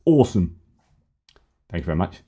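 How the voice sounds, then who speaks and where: A man talks through the day's news in a casual vlog, his voice fairly low and warm. He sounds wry and opinionated, working through his thoughts aloud as he goes. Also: normal speed. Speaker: news commentator and channel host.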